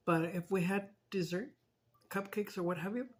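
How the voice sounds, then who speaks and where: A woman's voice: medium pitch, normal speed, breathy edge. A woman chatting casually in a vlog, telling stories with feeling, swearing and slipping in Spanish. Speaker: mukbang vlogger. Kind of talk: casual storytelling chat.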